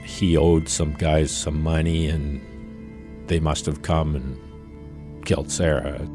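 A grieving father recalling events in an interview, halting, with pauses and fillers. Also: extremely low pitch, little pitch movement, music in the background. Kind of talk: interview recollection.

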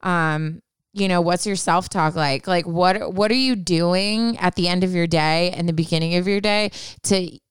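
A woman's voice: on the low side, steady tone, moderate pace, clean tone, no echo, clean studio sound. A woman co-hosting a casual advice podcast, talking in a chatty, reassuring way with many fillers. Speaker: podcast co-host giving advice.

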